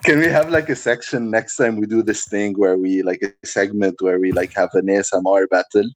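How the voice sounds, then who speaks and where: A man's voice: fairly low pitch, a little fast. A young man chatting as a podcast guest, easygoing and laughing often. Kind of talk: casual chat.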